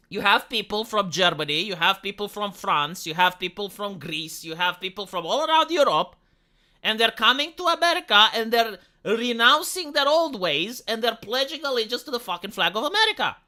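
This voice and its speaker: Bright-voiced ranting streamer man. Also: extremely high pitch. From Romania. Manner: profane, ranting, rhetorical questions. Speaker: live streamer. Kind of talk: opinionated live-stream commentary.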